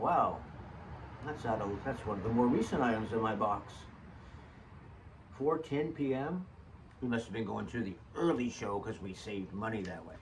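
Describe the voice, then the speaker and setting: Sharing his saved ticket stubs in a vlog, an older man with a medium-pitched, slightly mellow voice tells chatty, joking stories that wander off topic. The mic is distant and catches faint background noise.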